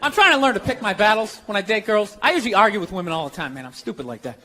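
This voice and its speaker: A man doing a profane stand-up rant, shouting his punchlines on stage. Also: high voice, expressive, racing. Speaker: stand-up comedian. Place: comedy venue with laughing audience. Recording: live stage recording, crowd laughter and noise.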